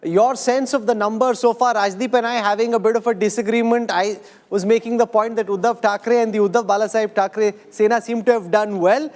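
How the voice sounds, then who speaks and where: A news anchor, presenting live and asking brisk, pointed questions. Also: mid-range voice, fairly even intonation, a little mellow.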